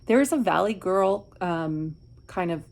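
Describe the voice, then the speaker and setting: A middle-aged beauty vlogger from Miami, USA, chats through a get-ready-with-me video while doing her makeup, reflective and rambling with lots of restarts. Her voice sits on the low side and is expressive, gravelly and a little mellow, at a measured pace.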